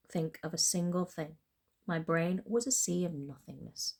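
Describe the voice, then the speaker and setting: A woman's voice: low voice, normal speed, creaky, a little mellow, husky. A woman author reading her own novel aloud, telling a first-person story plainly.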